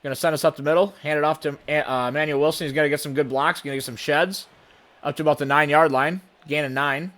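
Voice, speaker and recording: A man giving running play-by-play commentary on his own video game session, with sudden bursts of excitement. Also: on the high side, quick pace. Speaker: gaming channel host.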